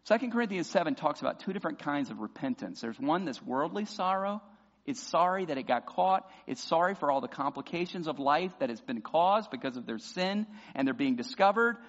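A man preaching a sermon as pastor, passionate and building to loud emphatic peaks. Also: a little high, animated, a little fast. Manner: impassioned preaching, voices imagined prayers loudly. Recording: dull sound with long hall reverb.

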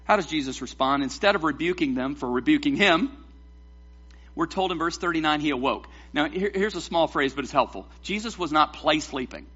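A man preaching a sermon as pastor, animated, with joking asides to the congregation. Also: a little high, fairly quick, breathy edge, lo-fi sound.

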